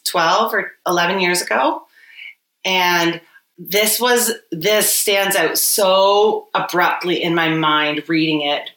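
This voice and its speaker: A woman's voice: on the low side, fairly bright tone. A woman, a podcast guest openly and reflectively telling her own story with many "like" fillers. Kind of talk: candid personal storytelling. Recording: roomy echo.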